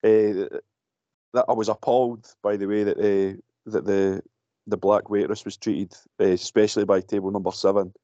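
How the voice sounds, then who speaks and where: A Scottish man with a lowish voice chats casually about films, swearing freely and circling his thoughts. The sound is muffled and dull. The room adds no echo. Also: normal speed. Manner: swears freely, rambling and animated. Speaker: podcast co-host. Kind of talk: casual film-review chat.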